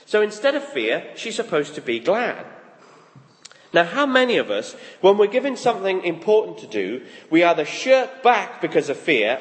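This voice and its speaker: A man preaching a sermon in a lively, conversational way, acting out quoted thoughts as he goes. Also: high-pitched, moderate pace. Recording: long reverb of a large hall.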